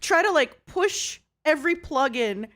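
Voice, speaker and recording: A young woman hosting a casual chat on her stream, giggly and animated, laughing often. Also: high-pitched, unhurried. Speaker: VTuber host. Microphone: XLR microphone.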